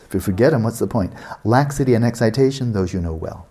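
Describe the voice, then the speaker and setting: A man's voice: lowish voice, expressive, fast, warm tone. A man teaching meditation in a blunt, sarcastic, conversational way, mocking the excuses students make. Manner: blunt and sarcastic, mimics students' doubting thoughts. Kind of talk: dharma teaching talk.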